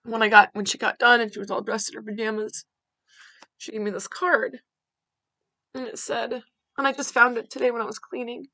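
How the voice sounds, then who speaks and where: A woman hosting a podcast, telling a personal story in a candid, conversational way with halting restarts. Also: a little high, little pitch movement, bright, forceful tone, dry recording. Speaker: podcast host.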